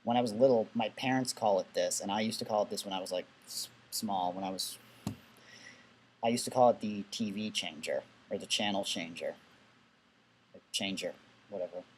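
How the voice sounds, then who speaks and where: A man's voice: lowish voice, normal speed, a little hiss or hum. Young man with a Southern New England accent. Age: young adult. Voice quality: glottal stops on T sounds. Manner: sardonic, dry complaints. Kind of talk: casual vlog answering questions.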